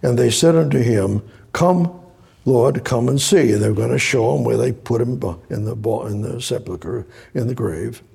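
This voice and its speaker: A man's voice: mid-range voice, normal speed, creaky, few pauses, darkish tone, breathy edge. A man preaching a sermon, reading scripture aloud and breaking off to explain it, repeating phrases and rising to emphatic exhortation.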